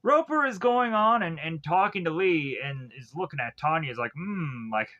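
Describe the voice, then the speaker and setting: A man's voice: a little high, lively intonation, normal speed, bright, forceful tone, lo-fi sound. Rambling man recapping a movie plot. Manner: rambling, with many fillers and self-corrections; quotes characters in loose paraphrase. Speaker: film reviewer.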